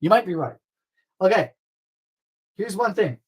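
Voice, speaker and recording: A man hosting a live baking stream, chatting playfully with viewers, trailing off and restarting, with sudden high squeals. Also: expressive, measured pace, husky, rough recording. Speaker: baking show host.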